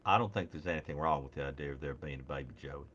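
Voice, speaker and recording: A man's voice: very deep voice, fast, fairly bright tone, muffled recording, a little hiss or hum. A man chatting playfully on a call-in show, teasing the caller and laughing easily. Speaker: podcast guest. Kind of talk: casual call-in chat.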